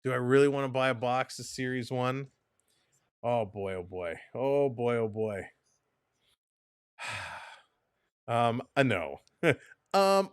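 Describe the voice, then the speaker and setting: Casual male streamer, exasperated and grumbling, smooth voice, close dry mic. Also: medium pitch, fairly bright tone, no echo. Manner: frustrated, exasperated, talks to himself and chat. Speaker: live stream host. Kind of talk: casual live-stream chat.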